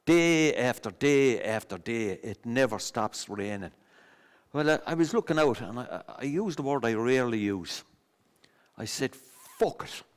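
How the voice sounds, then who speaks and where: A man's voice: medium pitch, lively intonation, unhurried, smooth, lightly acted. A man playing a rambling Irish pub storyteller. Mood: storytelling. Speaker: pub regular telling a story. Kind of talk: filmed stage play acting. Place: theatre stage. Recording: long stage reverb.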